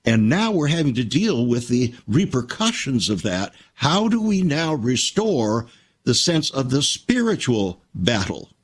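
An older man hosting a Christian radio talk show, telling stories in a measured, reflective way. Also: mid-range voice, sing-song, breathy edge.

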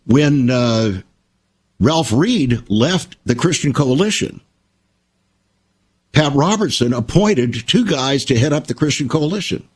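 An older man talks in a husky, slightly breathy voice. His pitch rises and falls a lot as he tells his stories. He stresses his points in a measured, emphatic way. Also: animated. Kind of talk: reflective conversational talk.

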